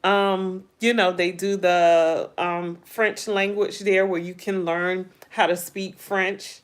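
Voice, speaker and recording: Slow, chatty woman hosting a livestream. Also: lowish voice, flat delivery, clear, resonant tone. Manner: drawn-out, playful, asks viewers many questions. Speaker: livestream host. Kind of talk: casual livestream chat reading viewer comments.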